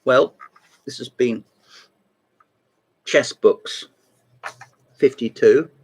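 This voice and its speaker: A man with a gravelly, slightly husky voice talks through his collection in a loose, rambling show-and-tell. He keeps dropping wry asides as he goes, at an ordinary mid pitch. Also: very slow, poor audio. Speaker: host of a chess book video series. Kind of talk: casual show-and-tell talk.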